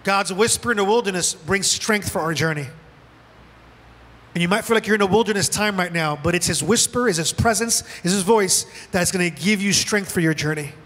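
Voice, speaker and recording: Bright high-voiced man preaching in a hall. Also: a little fast. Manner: animated preaching, voicing God and Elijah in quoted lines. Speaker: pastor. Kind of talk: sermon. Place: church auditorium. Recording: large hall with long reverb.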